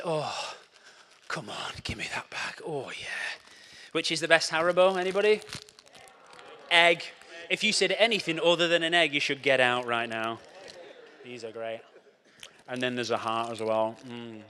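Young male preacher, playful and animated, high voice with long hall reverb. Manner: playful, animated, acts out scenes with quoted voices. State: out of breath after a race. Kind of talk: lively sermon with jokes.

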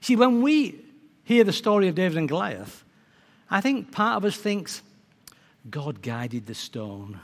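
A preacher with a high, lively voice tells the story with animation. His words ring through a big hall with a long reverb. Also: normal speed, vocal fry. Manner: animated storytelling, acting out characters. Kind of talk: sermon.

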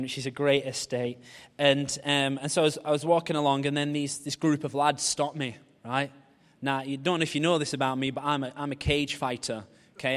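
A man, preaching a humorous, story-led sermon. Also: mid-range voice. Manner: humorous storytelling, animated voices for quoted people. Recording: long reverb of a large hall.

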